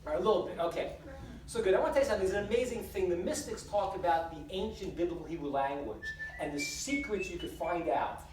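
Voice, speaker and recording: A woman rabbi giving a lively spiritual talk to a live audience, full of rhetorical questions and stories. Her pitch rises and falls with animation. She sounds distant, in an echoing hall. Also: fast talker, background noise. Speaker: rabbi speaker. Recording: roomy hall, distant mic.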